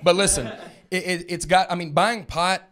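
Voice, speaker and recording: A man in his thirties with a thick Alabama drawl works through a stand-up set, rambling and poking fun at himself. His voice sits a little high for a man. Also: fairly even intonation, fairly bright tone. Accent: Southern US, Alabama. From North Alabama. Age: 30s. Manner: drawling, rambling, self-mocking storyteller who puts on quick character voices. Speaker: stand-up comedian.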